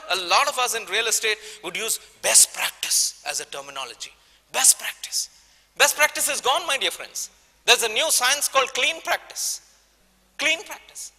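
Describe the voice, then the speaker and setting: A man with an Indian English accent speaks in a high, sharp, forceful voice, hammering home key phrases and calling out to his audience. His talk rings through a large hall with a long reverb tail. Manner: emphatic, repeats key phrases, addresses audience directly. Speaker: keynote speaker. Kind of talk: conference keynote with anecdote.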